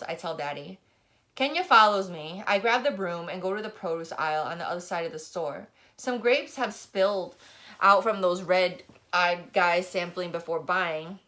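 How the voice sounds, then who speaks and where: A woman's voice: on the low side, a bit bright. A woman reading a novel aloud, narrating expressively in the first person. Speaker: reader.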